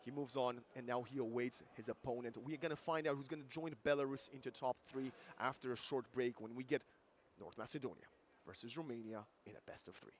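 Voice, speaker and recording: A male esports commentator calling a live match, excitable and rising to near-shouts at big plays, his voice going hoarse. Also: medium pitch, fairly quick, slight background noise. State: losing his voice.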